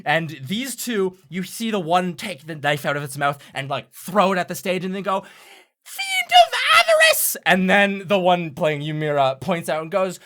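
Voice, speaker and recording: A game master narrating a tabletop game scene in a lively way, with many casual fillers and frequent laughter. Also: medium pitch, normal speed, hardly any pauses.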